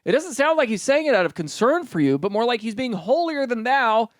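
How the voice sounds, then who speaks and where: A young man talks through comedic commentary in a high voice that leaps all over the place. He rambles, swears casually and stops to correct himself. The sound is dry and close to the mic, with no room around it. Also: sing-song, a little fast, no echo. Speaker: host reacting to online posts.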